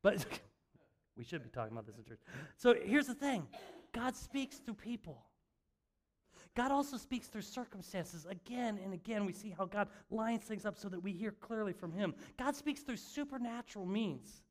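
An older male pastor with a high voice preaches in a church. He talks like he is chatting with friends, pokes fun at himself, and trips over his words as he restarts sentences. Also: moderate pace. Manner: conversational, self-mocking storytelling with frequent restarts. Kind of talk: sermon. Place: church sanctuary.

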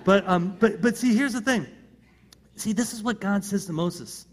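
A man's voice: sits high, normal speed. A middle-aged man, a pastor, preaching a conversational sermon full of rhetorical questions and repeated starts.

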